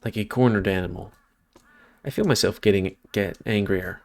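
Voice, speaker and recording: Man, low voice, gravelly, reading visual novel narration, stumbles and self-corrects. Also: moderate pace. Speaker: let's play streamer.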